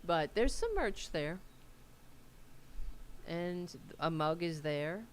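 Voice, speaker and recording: A woman's voice: lowish voice, animated, very slow, slight background noise. A woman hosting a casual livestream, rambling as she reads aloud and answers viewer comments, with a Staten Island accent. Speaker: host.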